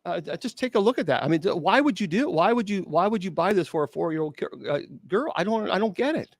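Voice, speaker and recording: A man, a bishop and exorcist, telling a spooky true story at an open mic, halting with restarts and incredulous asides. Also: high-pitched, expressive, no echo. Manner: halting, with many restarts and fillers.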